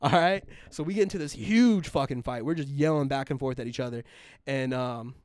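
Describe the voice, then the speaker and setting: A man's voice: mid-range voice, brisk, dry recording, studio quality. A young man co-hosting a podcast, telling a long story in a casual, profane, rambling way with lots of fillers and restarts. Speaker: podcast co-host.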